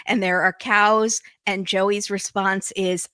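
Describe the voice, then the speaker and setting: Woman, podcast host, casual chat, bright voice, dry close sound, lots of fillers. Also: mid-range voice, slow, clear, resonant tone, dry recording. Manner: chatty, lots of "like" and "um", animated retellings.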